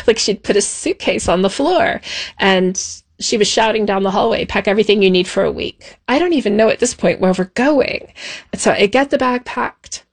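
A woman recounting her past in an interview. She speaks in a measured, reflective way, pausing softly between thoughts. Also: mid-range voice. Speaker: interview guest. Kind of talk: personal recollection.

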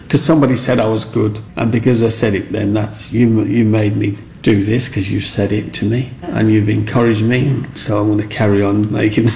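Gravelly older man. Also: on the low side, a little mellow, slight background noise, rough recording. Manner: rambling, earnest, with frequent asides. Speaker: interviewee. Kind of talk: reflective storytelling.

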